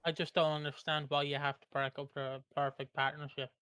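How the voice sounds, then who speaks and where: A man with a slightly high voice teases and jokes his way through a soap watch party. He sounds close and dry, with no room echo. His delivery is playful and mocking. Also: level tone, bright, forceful tone, clean tone. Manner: teasing, jokey, quick to laugh. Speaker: co-host reacting to a soap episode. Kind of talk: casual watch-party chat.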